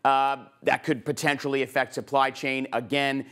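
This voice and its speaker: Male interview host, easygoing and chatty, middle pitch. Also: flat delivery, moderate pace, a bit bright, smooth. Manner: friendly, conversational, laughs easily. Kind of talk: hosted interview and sign-off.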